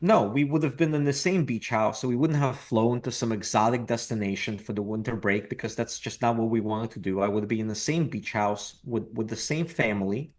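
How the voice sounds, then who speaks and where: A man with a mid-range voice talks briskly, with hardly any pauses. He's a middle-aged real estate investor from Russia chatting casually as a podcast guest, reflective and repetitive in his wording and dry in his joking.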